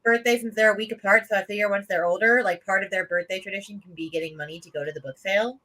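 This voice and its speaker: Easygoing woman co-host, mid-pitched bright voice, casual chat. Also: steady tone, racing, poor audio. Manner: easygoing, conversational. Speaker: stream co-host. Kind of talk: casual live-stream chat.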